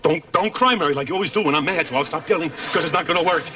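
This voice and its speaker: An actor playing an exasperated middle-aged husband in a sitcom, blustering and then tender. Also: male voice, mid-range voice, very animated, brisk, very noisy, lightly acted. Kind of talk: sitcom acting before a studio audience.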